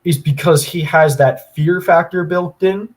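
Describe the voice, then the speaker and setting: A man's voice: fairly high pitch, unhurried. A man co-hosting a podcast, giving a long, opinionated analysis in casual chat with plenty of fillers. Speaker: podcast co-host.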